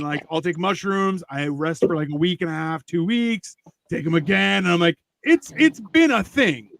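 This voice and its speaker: High-pitched man, profane rambling storyteller, casual chat co-host. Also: fairly bright tone. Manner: rambling, profane, halting with restarts. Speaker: podcast co-host.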